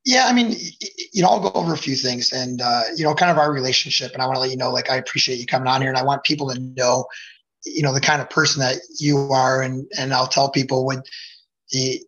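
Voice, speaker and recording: A man's voice: medium pitch, steady tone, quick pace, fairly bright tone, lo-fi sound. A middle-aged man, a hockey coach, chatting as a podcast guest and rambling with many fillers and restarts. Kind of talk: casual podcast chat.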